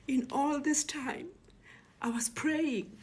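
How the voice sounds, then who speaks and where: A woman giving a personal testimony, telling her story in a hushed, breathy half-whisper and quoting what others said. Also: high-pitched, takes it slowly. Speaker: speaker recounting a personal ordeal.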